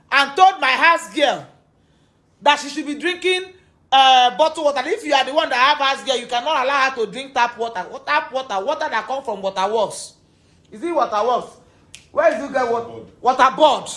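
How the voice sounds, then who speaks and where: A woman's voice: sits high, a bit bright. A woman with a Nigerian Pidgin accent giving an accusatory, repetitive rant, mixing Pidgin and English. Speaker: actress addressing a former friend. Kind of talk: confrontational video rant.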